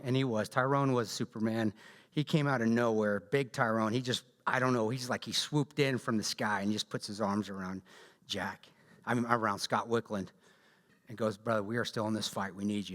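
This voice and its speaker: A man with a Southern drawl, speaking as guest speaker and telling his story to a church audience in a blunt, joking, animated way. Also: medium pitch, normal speed. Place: large church hall. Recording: long echo of a large church hall.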